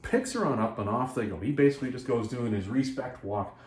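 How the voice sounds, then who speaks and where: Quick animated guy recapping a story, rambly and chatty, echoey room. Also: medium pitch. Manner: chatty, digressive, self-correcting. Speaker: video host.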